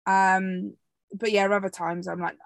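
A woman's voice: medium pitch, little pitch movement, a little slow, gravelly, no echo. A woman in her twenties hosting a podcast, chatting in a reflective, sweary way. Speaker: podcast host. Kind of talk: casual chat.

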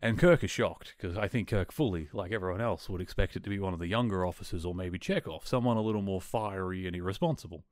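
A man hosting a podcast, retelling a story in a casual, animated way and chuckling along. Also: low-pitched, quick pace, hardly any pauses, no room sound, studio quality. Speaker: podcast host. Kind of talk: casual episode recap.

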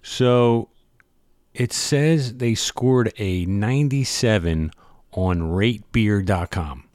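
A man's voice: fairly low pitch, slow pace, darkish tone, no room sound, studio quality. A man co-hosting a podcast in casual chat over beers, playful and teasing with a mock-fancy streak. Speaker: podcast co-host.

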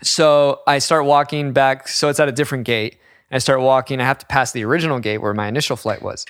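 A young man telling a story in casual chat, animated and profane, acting out the people in it. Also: mid-range voice, fast, smooth, no room sound.

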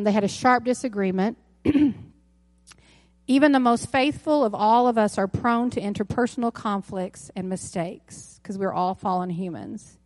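A woman's voice: medium pitch, darkish tone, no echo. A woman pastor in her thirties preaching a sermon to her congregation in a church, talking in a conversational way with asides and self-corrections. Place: church sanctuary.

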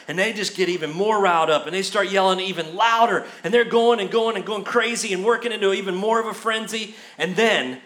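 A man preaching a sermon as pastor, telling the story in a lively, conversational way. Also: sits high, brisk, hardly any pauses, reverberant. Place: church.

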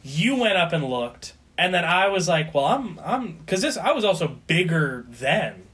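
A man's voice: a little high, big pitch swings, normal speed, a bit bright. A man co-hosting a podcast, joking, teasing and swearing casually. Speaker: podcast co-host. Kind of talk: casual chat.

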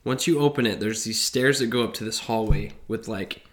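A man's voice: on the low side, a little fast, slight background noise. A young man co-hosting a casual podcast, chatty and eager, often finishing his co-host's sentences. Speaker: podcast co-host. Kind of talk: casual chat.

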